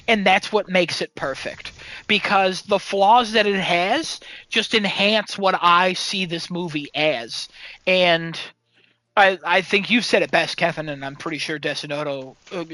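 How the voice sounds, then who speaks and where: A man's voice: high-pitched, bright, forceful tone, dry recording, low-quality recording. A man co-hosting a podcast in casual chat, enthusiastic and rambling, laughing often and swearing casually. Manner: rambling with restarts. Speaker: podcast co-host.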